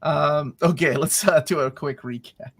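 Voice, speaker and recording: A man hosting a casual panel chat, animated and self-mocking as he stumbles over names. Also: on the high side, unhurried, breathy edge, dry recording. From Kentucky. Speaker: host.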